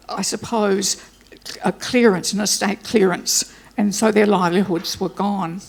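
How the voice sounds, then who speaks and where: A woman with a gravelly, mid-range voice gives an informal, chatty welcome speech full of anecdotes and self-deprecation before introducing a guest lecturer.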